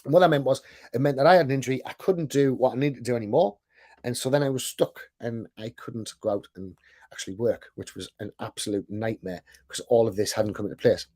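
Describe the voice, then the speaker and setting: With a thick accent and a quick, medium-pitched, somewhat mellow voice, a man pitches in a casual sales presentation. He's an online sales coach and business owner who chats easily, jokes at his own expense, and repeatedly asks "right?".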